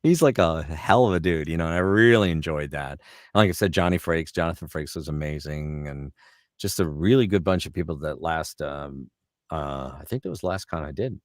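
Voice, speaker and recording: Middle-aged male voice actor, very low voice, close dry sound, lively storyteller who drops into quick impressions. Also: no echo. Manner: animated anecdotes, slips into character voices for quotes. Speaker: voice actor guest. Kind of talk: casual storytelling chat.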